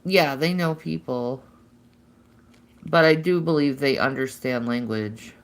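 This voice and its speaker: A woman's voice: rumbling low, slow. A woman chatting casually with viewers on a live stream, answering comments and cooing to her pets now and then.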